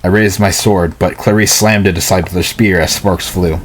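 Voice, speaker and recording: A man at home reading a novel aloud in a halting way. He often stumbles and goes back to reread lines, and he stops now and then for casual asides. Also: sits low, steady tone, slight background noise. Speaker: hobby reader.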